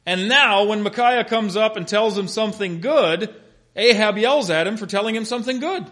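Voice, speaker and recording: A man teaching an interactive Bible lesson, animated and questioning his class with humor. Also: high voice, moderate pace.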